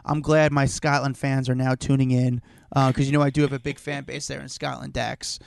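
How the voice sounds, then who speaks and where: A man's voice: mid-range voice, level tone, brisk, gravelly, dry recording. A man co-hosting a podcast, chatting in an easygoing, jokey way. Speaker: podcast co-host. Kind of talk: casual podcast chat. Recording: dry close mic, glitching at times.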